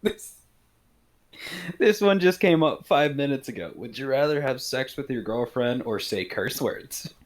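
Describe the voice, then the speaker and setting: Give me a young man on a podcast with deadpan humor and unhurried delivery. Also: mid-range voice. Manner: dry, deadpan jokes. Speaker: podcast co-host. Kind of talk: casual chat.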